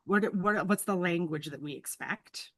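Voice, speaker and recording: A woman with a lowish voice talks as a guest speech-language pathologist, laying out her points in an earnest, teacherly manner. She often checks in with the listener by asking "right?". The sound is close and dry, with no room echo. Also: a little slow. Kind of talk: explanatory professional conversation.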